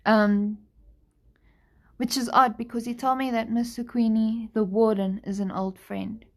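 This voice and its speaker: Her voice sits at medium pitch, creaky and a bit dark, as this young woman reads a novel live on stream. She's tired and yawning, laid-back and apologetic, breaking into the reading now and then for chatty asides.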